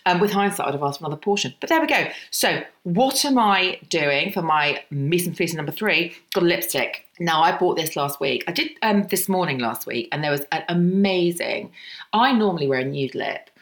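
Woman, podcast co-host, chatty raconteur with a low voice that swoops up and down. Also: normal speed. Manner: animated, rambling storyteller with frequent laughs. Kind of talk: casual chat.

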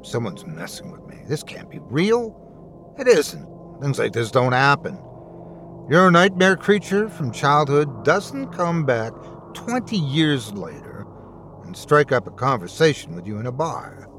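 A shaken grown man, cornered and defensive, speaks in a tense, raised voice, as a man acts him out. His pitch lurches around as he tries to argue away his fear. The delivery belongs to a spoken horror story. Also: sing-song, a little slow, fairly bright tone, slight background noise. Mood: rattled. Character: frightened, rattled grown man at a bar.

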